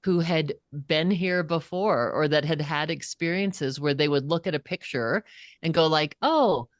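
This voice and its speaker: Low-voiced woman telling a heartfelt story. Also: moderate pace, no room sound, studio quality. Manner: earnest, animated, acts out quoted voices. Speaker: guest, author and coach. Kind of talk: personal storytelling in an interview.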